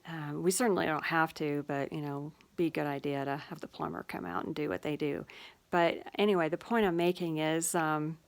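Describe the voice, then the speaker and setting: A woman hosting her own channel, giving a gentle, reflective spiritual talk with many fillers and pauses. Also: deep voice. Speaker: channel host.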